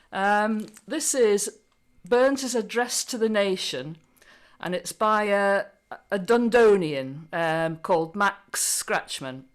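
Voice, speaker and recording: A woman casually introducing her piece at a folk club, halting with many ums. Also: medium pitch.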